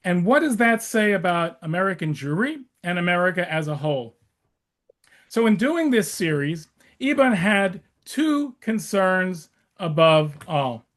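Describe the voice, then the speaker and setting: Man in his sixties, rabbi giving a casual class on a video call; high voice, rambling and wry, lots of ums. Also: sing-song, measured pace, fairly bright tone. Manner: chatty, full of fillers and restarts, wry asides. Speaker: rabbi teaching an adult class.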